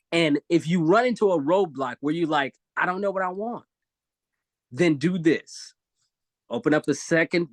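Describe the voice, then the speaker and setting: A man's voice: fairly high pitch, dry recording. A man speaking expressively on a live video-call talk show, giving emphatic motivational advice.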